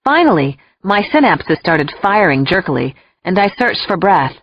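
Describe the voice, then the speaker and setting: A woman narrating an audiobook in an expressive, emotional first-person storytelling voice. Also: lowish voice, normal speed, few pauses, breathy edge, no room sound. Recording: dull lo-fi dry recording.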